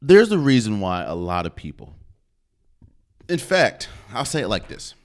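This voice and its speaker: A man's voice: on the low side, sing-song, unhurried. A man hosting a podcast, giving emphatic solo sports commentary and repeating phrases for effect. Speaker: podcast host.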